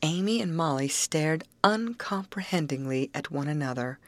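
A woman narrating a storybook chapter in an even, measured manner. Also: deep voice, no room sound. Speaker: audiobook narrator. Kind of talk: scripted narration.

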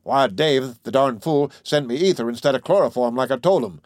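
A man's voice: mid-range voice, normal speed, darkish tone, dry recording, studio quality, close to an everyday voice. A man reading aloud, voicing a blunt, fearless country doctor who talks in clipped, matter-of-fact bursts.

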